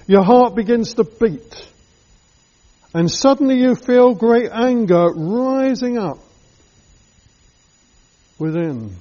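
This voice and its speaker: A man leading a guided scripture meditation, speaking directly to the listener in a slow, reflective way, in a dull lo-fi recording. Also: high voice, dark tone.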